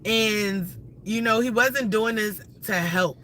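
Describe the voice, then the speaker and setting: Woman streamer, bright tone, profane, excitable rambling rant. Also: medium pitch, slow pace, rough recording. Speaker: livestream host. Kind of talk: casual ranting livestream.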